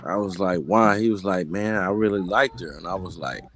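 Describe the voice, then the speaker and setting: A man's voice: low-pitched, a little fast, over music. A man in a casual group chat, telling stories in a laid-back, drawling way.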